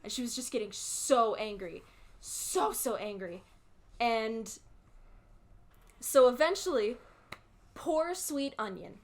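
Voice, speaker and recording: A woman's voice: on the high side, slow pace, long pauses. Chatty woman telling a long story. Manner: animated, laughs often, fillers. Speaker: host. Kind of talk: casual storytelling while gaming.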